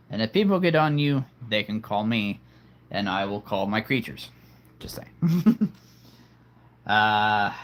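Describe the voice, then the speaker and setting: A man's voice: lowish voice, a bit bright. A man hosting a casual livestream, chatting playfully with viewers and laughing at his own jokes. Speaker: livestream host.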